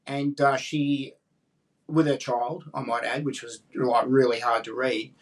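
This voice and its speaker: A man's voice: medium pitch, level tone, measured pace, distant mic. An Australian man hosting a casual interview, talking in a conversational, indignant way. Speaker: podcast host.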